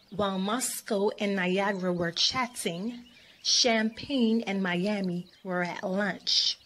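Slow-reading woman storyteller. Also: medium pitch, fairly bright tone, slight background noise. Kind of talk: children's story narration.

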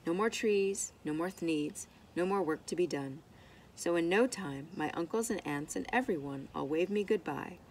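A woman reading a rhyming picture book aloud in an expressive, rhythmic way. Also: fairly low pitch, moderate pace, slight background noise. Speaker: storybook reader.

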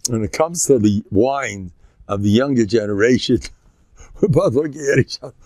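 An older rabbi gives an informal Torah talk, animated and joking as he slips Yiddish and Hebrew words into his English. His male voice sits at a middling pitch. The recording is dry and close, with no room around it. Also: moderate pace, dry recording. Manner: animated, jumps between teaching and banter. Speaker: rabbi giving a lecture.

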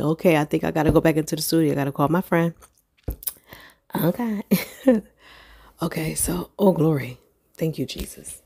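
A woman's voice: low voice, normal speed, pauses often, dark tone, husky. A woman speaking off the cuff in a spiritual encouragement vlog, rambling and prayerful, with many fillers and restarts. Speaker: online prophetic encourager.

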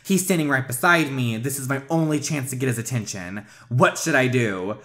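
A man's voice: mid-range voice, moderate pace, fairly bright tone. A man hosting a story game playthrough, chatting playfully with frequent laughs and asides as he reads along. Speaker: gaming channel host.

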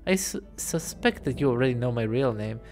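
A man voicing a sly male fox detective who poses as a prince, speaking smoothly, quietly and theatrically. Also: mid-range voice, expressive, fairly quick, soft background music, natural voice. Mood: musing.

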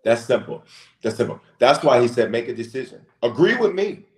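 Low-voiced preaching bishop, very animated delivery, roomy echo. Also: male voice, a little fast. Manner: impassioned, rising to shouted emphasis. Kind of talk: preaching in a church talk show.

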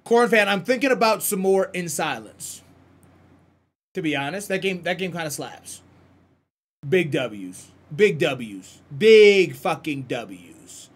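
Lively, hyped-up male game streamer. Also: high voice, unhurried, long pauses, breathy edge. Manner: hyped, profane, teasing chat banter. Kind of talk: live-stream chat while gaming.

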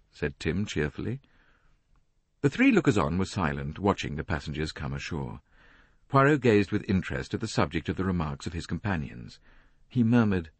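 A man narrating an audiobook in a measured, expressive reading on a close studio mic. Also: deep voice, breathy edge, no room sound. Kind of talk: scripted narration.

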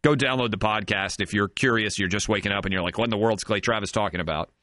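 A man's voice: fairly low pitch, quick pace, pushed and bright. Sarcastic male sports radio host. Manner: sarcastic, riffing, mock-outraged. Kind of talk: radio talk show monologue.

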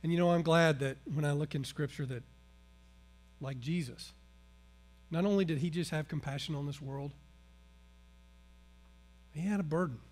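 A man preaching a sermon. He swings between loud emphasis and hushed, earnest passages. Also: fairly high pitch, moderate pace, long pauses. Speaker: pastor.

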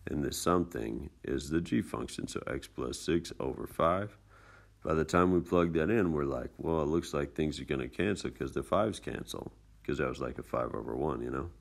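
Very deep gravelly male math teacher. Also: moderate pace. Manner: relaxed, chatty explaining with folksy asides. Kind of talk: casual screencast math lesson. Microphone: tablet screencast mic.

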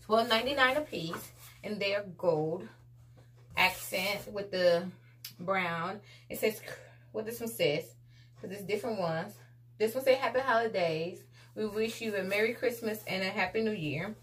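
A woman's voice: medium pitch, unhurried, fairly bright tone. A woman, chatting casually to viewers in a laid-back home haul vlog. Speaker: vlogger.

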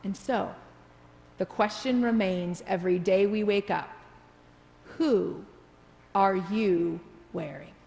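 A woman's voice: medium pitch, takes it slowly, gravelly, pauses often, mellow. A woman pastor telling a story in her sermon and leading into prayer, heard in a reverberant church sanctuary. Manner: storytelling preacher, builds to prayer.

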